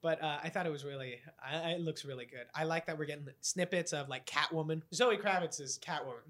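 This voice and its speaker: A man hosting a casual podcast chat, animated and excitable with a lot of swearing. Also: on the high side, fast. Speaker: podcast host.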